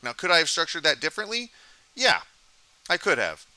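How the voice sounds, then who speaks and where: A man's voice: fairly high pitch, sing-song, fairly quick, sharp tone, no room sound. A man teaching a college programming lecture, talking casually while coding live, thinking aloud and asking the class questions.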